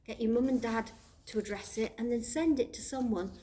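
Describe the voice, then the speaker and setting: A woman leading a church toddler group, speaking gently in simple words to small children. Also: on the high side, fairly quick. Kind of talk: children's worship session.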